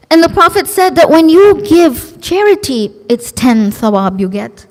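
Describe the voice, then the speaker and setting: A woman preacher giving an emotive religious sermon, expressive and acting out quoted voices. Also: high-pitched, measured pace, few pauses. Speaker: female preacher. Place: large community centre hall. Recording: long hall reverb.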